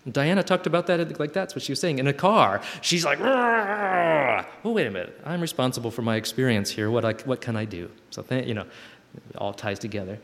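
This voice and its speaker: A man's voice: medium pitch, fast. A man talking reflectively to a group, thoughtful and searching for words as he goes. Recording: long hall reverb.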